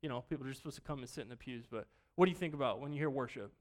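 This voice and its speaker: A man preaching a sermon in a church, talking casually, asking the congregation questions and swinging between loud bursts and quiet asides. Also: medium pitch, rapid-fire. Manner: conversational, asks the congregation questions. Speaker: pastor.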